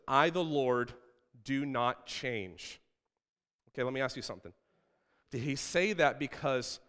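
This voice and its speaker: A man's voice: mid-range voice, a bit bright, long reverb tail. A man preaching a playful sermon from a church stage, asking the congregation questions. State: out of breath. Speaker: pastor. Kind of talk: sermon with props.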